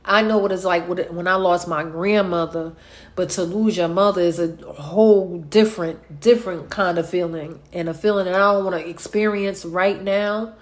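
A woman's voice: on the low side, steady tone, moderate pace. A woman in her late thirties chatting casually to her followers, emotional and sighing often between thoughts. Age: 30s. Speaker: vlogger.

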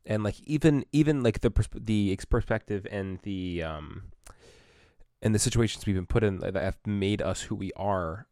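A man's voice: on the low side, normal speed, a little mellow, no echo, clean studio sound. A man co-hosting a casual podcast, speaking in a rambling way full of fillers and backing up his co-host. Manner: rambling, filler-heavy, supportive. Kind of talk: casual chat.

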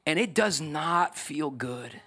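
Preaching from the pulpit, a middle-aged pastor swings between loud, lively exhortation and quiet, dropped asides, joking and calling out to his congregation. For a man, his voice sits on the high side, and it is slow and husky.

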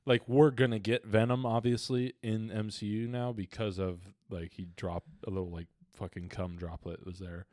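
A young man rambles through casual conversation and swears often. His voice sits a little low, and the recording is dry and close, with no room sound. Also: steady tone, moderate pace, hardly any pauses, darkish tone, dry recording. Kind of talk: casual chat.

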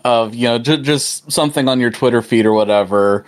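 A man's voice: medium pitch, normal speed, hardly any pauses. A young man co-hosting a podcast, chatting casually and often stammering, with repeated starts. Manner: stammering repeats, animated when joking. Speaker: podcast co-host. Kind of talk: casual chat.

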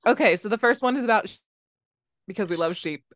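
Woman podcast co-host, chatty, bright and giggly, dead-dry sound. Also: mid-range voice, fast talker, no echo. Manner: laughs often, many fillers. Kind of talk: casual chat, reading news stories.

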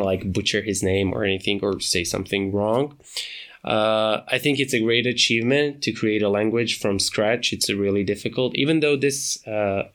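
A man hosting his own podcast, talking off the cuff in a hesitant way, with many pauses and restarts. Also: lowish voice, fairly bright tone. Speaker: podcast host. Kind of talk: unscripted solo podcast talk.

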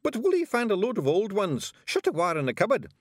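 A man voicing a tiny, boisterous pixie chieftain, loud and rowdy. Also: high-pitched, wildly swooping pitch, moderate pace, no room sound, clean studio sound, pitched above the performer's own voice.

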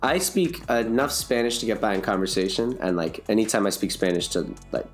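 A man with a fairly low voice co-hosts a podcast, joking and teasing himself in a loose conversational way. He talks over a call with faint music underneath. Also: expressive, fairly quick. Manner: playful, jokey, self-mocking. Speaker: podcast co-host. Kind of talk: casual chat.

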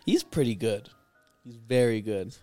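A young man chatting loosely on a podcast, crude and quick to laugh. His voice sits in an ordinary middle range. Faint music plays underneath. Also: medium pitch, lively intonation, mellow, no echo. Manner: laid-back, crude, laughs often. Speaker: podcast co-host. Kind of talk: casual podcast chat.

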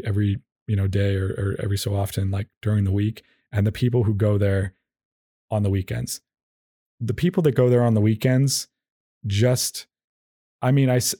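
A man's voice: on the low side, warm tone, dry recording, clean studio sound. A man hosting a solo podcast, talking in a casual, rambling and opinionated way with a wry edge. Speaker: podcast host.

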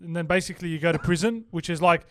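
A young man chats casually and easily, chiming in and agreeing as he goes. His voice runs fairly high for a man and is recorded close and dry. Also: very fast, fairly bright tone, no echo. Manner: laid-back and agreeable, chiming in with slang. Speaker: podcast co-host. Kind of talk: casual chat.

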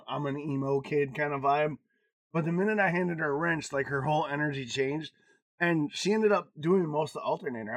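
A man's voice: fairly high pitch, dry recording. A man co-hosting a podcast, telling stories in casual chat with lots of swearing and laughter. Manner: animated storytelling, swearing, laughing often, big swings in loudness. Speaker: podcast co-host.

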